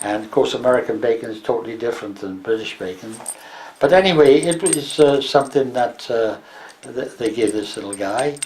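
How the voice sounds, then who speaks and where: An older man from Wales, a war veteran, recalling his memories in an interview, halting with many fillers and restarts. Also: mid-range voice, darkish tone, a little hiss or hum, poor audio. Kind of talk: oral history interview.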